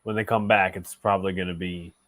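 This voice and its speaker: A man hosting a casual sports livestream, cracking jokes at his friends between play-by-play calls. His voice sits a little low. He sounds relaxed and jokey. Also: a little fast. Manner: joking, relaxed. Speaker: host and play-by-play caller.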